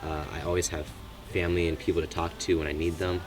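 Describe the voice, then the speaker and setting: Low teenage boy, hesitant, lots of fillers, distant mic, music under. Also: little pitch movement, fast talker. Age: teens. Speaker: student giving testimony. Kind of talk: recorded personal testimony.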